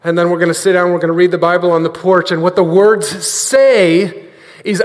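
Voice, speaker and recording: High-voiced preacher in a reverberant hall. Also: male voice, fairly even intonation, moderate pace. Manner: earnest, leads the congregation in repeating lines. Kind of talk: sermon.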